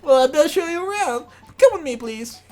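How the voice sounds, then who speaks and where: A woman with a husky, lowish voice speaks a little fast, with faint music behind her. She plays an eager, humble young male beaver Pokémon in a put-on folksy Southern drawl, excitably saying things like "by golly."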